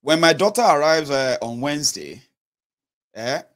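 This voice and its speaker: Nigerian man in his 30s, Yoruba accent, fairly high voice, earnest pleading commentary to camera. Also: very animated, normal speed, fairly bright tone. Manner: earnest, pleading, code-switching into Pidgin and Yoruba. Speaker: political commentator. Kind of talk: impassioned direct-to-camera monologue.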